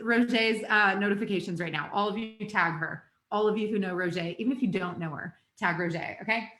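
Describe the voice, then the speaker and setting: A woman's voice: medium pitch, fairly quick, hardly any pauses, fairly bright tone. A young adult woman hosting a live online business training, upbeat and chatty, talking straight to her viewers. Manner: upbeat, chatty, addresses the audience directly. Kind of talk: live webinar coaching. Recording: echoey room.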